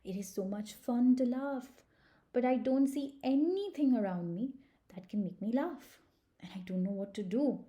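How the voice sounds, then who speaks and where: A woman voicing a grumpy, sad male porcupine in a storybook reading, glum and quiet. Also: a little high, lively intonation, moderate pace, close to an everyday voice.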